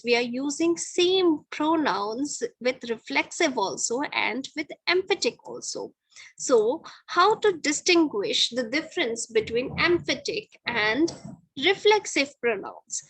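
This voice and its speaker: A woman's voice: high-pitched, very animated, measured pace, fairly bright tone, no room sound, low-quality recording. A middle-aged woman teaching a grammar lesson to children, patiently repeating each point and checking with "okay".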